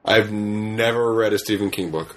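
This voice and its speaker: A man's voice: lowish voice, fairly bright tone, a little hiss or hum. Teasing man chatting on a podcast. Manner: teasing, quick interjections. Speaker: podcast co-host. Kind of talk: casual chat.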